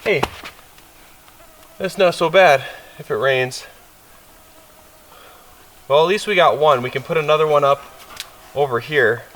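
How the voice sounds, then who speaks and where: Young man, camping vlog chat, slightly high voice, relaxed and rambling, outdoors in the woods, faint background hiss. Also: unhurried, long pauses, poor audio. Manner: relaxed, rambling, coaxing his dogs. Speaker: outdoor vlogger.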